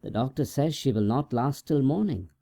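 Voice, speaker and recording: A man's voice: mid-range voice, expressive, moderate pace, creaky, warm tone. A man voicing a tall, thin, hesitant and stingy peasant in a storybook reading, in a plain, slightly raised voice.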